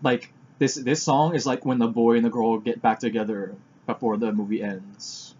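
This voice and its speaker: A man's voice: medium pitch, steady tone, moderate pace, darkish tone, slightly rough, highs cut off. A man casually commenting on songs as he listens, thinking aloud and sometimes eating while he talks. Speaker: music reaction vlogger.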